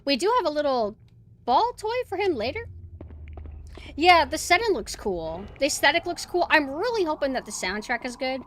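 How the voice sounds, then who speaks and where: A young woman streaming a horror game, chatting casually and excitably as she plays. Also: sits high, moderate pace, slight background noise. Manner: chatty, excitable, cheering her dog on. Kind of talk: casual gameplay commentary.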